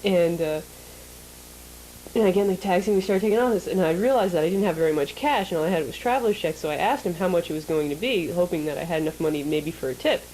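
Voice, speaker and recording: A woman co-hosting a casual chat show, telling an animated story, laughing often and acting out the people in it. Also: fairly low pitch, fast talker, a little hiss or hum, low-quality recording. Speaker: show co-host.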